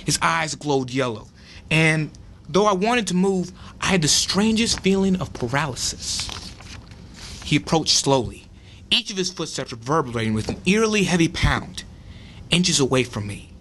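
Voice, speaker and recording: A man's voice: fairly high pitch, expressive, normal speed, fairly bright tone, a little hiss or hum. A young man reading his own dramatic story aloud at an open mic.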